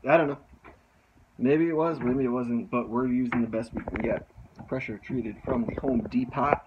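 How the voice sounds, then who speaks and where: Filmed on a handheld phone, a sailboat vlogger fixes his boat outdoors from underneath, narrating casually with jokes, wisecracks and self-talk. He speaks at a moderate pace in a medium-pitched, fairly even voice; the audio is dull and very noisy.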